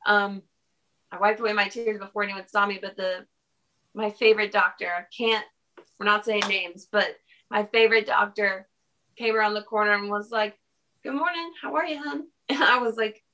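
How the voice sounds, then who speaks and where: A woman's voice: medium pitch, level tone, moderate pace, bright, forceful tone. A young woman co-hosting a casual podcast chat, telling a personal story in a rambling way and laughing often. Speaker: podcast co-host.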